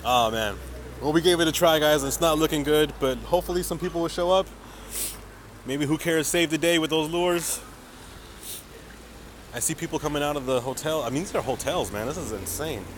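A man's voice: on the high side, fairly quick, a little hiss or hum. A young man live-streaming a mobile game outdoors on a city street, chatting to viewers in a hyped, slangy way and calling everyone dude and man.

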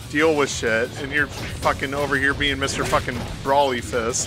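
A man's voice: mid-range voice, steady tone, moderate pace, hardly any pauses. A man commentating a video game play-through, frustrated and swearing constantly, while sick. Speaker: gaming streamer. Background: game music.

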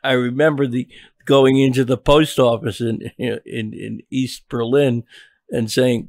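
An older man, a journalist guest on a podcast, telling a long story in a halting way with many restarts and repeated words. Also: mid-range voice, level tone, creaky, darkish tone, no room sound.

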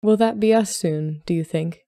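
A woman reading as a plain-spoken young gentleman suitor who talks in a calm, matter-of-fact way. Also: high-pitched, normal speed, no echo, studio quality. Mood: steady.

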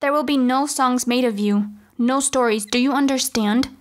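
A woman's voice: fairly high pitch, moderate pace, lightly acted. A woman voicing a proud, wrathful goddess who speaks in a cold, imperious, biting way.

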